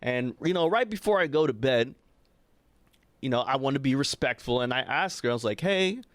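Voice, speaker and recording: A young man spins a casual story for his podcast co-host, animated and chatty, tossing in quick "right?" asides. His voice sits at an everyday middle pitch. The sound is close and dry, with no room around it. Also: dry recording.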